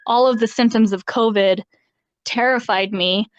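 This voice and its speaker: Woman, podcast guest, fairly high smooth voice, candid and laughing, dry close-mic sound. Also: fairly even intonation, normal speed, no room sound. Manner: candid, laughs often between phrases. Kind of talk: personal story in an interview. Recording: slightly dull dry sound.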